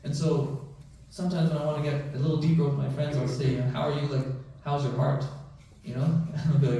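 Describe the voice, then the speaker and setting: A man's voice: a little high, level tone, fast talker, few pauses, dark tone, slight background noise. A man who is a physician, giving a conversational talk to a mosque audience and often checking in with "right?" and "you know". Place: large mosque prayer hall. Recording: echoey hall, voice from far off.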